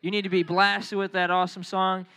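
A man preaching a sermon as a youth pastor, telling lively stories and calling on the crowd to respond. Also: high voice, a little fast, clear, resonant tone.

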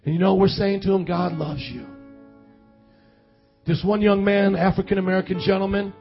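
A man with a high voice preaches a sermon, rising into impassioned calls and questions that ask the congregation to answer back. The audio is dull and lo-fi, with faint music underneath. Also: little pitch movement, quick pace. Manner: impassioned preaching with call-and-response. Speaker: pastor. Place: church hall.

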